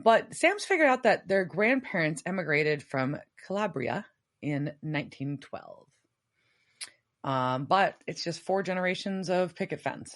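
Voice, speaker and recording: A woman co-hosting a podcast, recapping a TV episode in casual chat, laughing often and trailing off into asides. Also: deep voice. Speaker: podcast co-host.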